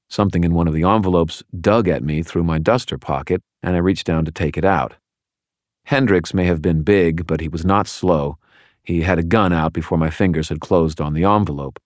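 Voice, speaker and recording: A man narrates a first-person audiobook with wry, dry timing. His voice is very low. The booth recording is dry and close. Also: normal speed, no room sound.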